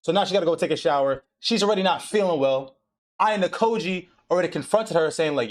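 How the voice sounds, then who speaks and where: A young man retells an anime episode for his stream, swearing freely and acting out each character's lines. His voice sits a little high for a man. He talks in a loose, excitable run. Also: quick pace. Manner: animated, profane storytelling with acted-out quotes. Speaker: podcast host recapping an anime. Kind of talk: casual chat.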